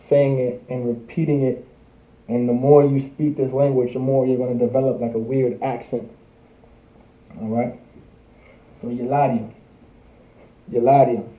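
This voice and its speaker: Man drilling words over a tinny stream. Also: mid-range voice. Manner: repetitive drilling, casual conversational asides. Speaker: language class teacher. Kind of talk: livestreamed language lesson. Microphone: livestream. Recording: tinny phone-like audio in an echoey room.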